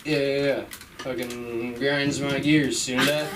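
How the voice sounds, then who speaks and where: A young man with a medium-pitched, level voice takes it slowly on a comedy club stage, heard through a stage microphone over a noisy crowd. Recorded live from a distance, his stand-up set rambles and giggles, trailing off with fillers as the audience laughs.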